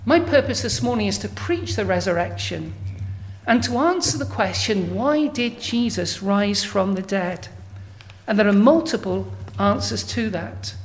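A woman preaching a sermon in a measured, emphatic way, building to strong declarations. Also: medium pitch, lively intonation, slight background noise.

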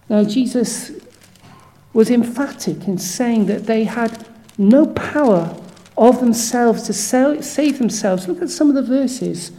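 A woman delivers a sermon at an unhurried, deliberate pace, earnest and measured. Her voice sits fairly high yet has a mellow, warm tone. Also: lively intonation. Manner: earnest, measured, reads scripture verses aloud. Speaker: preacher.

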